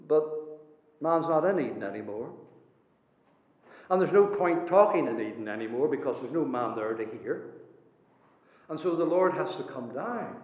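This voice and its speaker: A man preaching a sermon with passion, swinging between soaring lines and hushed ones. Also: on the high side, very animated, measured pace, pauses often. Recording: echoey hall, dull lo-fi sound.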